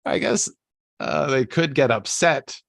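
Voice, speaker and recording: A man's voice: mid-range voice, unhurried, no echo. A man co-hosting a casual show recap, rambling with many fillers and restarts and laughing often. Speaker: podcast co-host.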